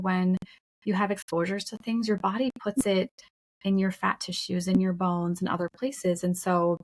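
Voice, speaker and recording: A woman co-hosting a podcast, telling her own story in a frank, emphatic, casual way, swearing now and then. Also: medium pitch. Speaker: podcast co-host. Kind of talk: candid conversational storytelling.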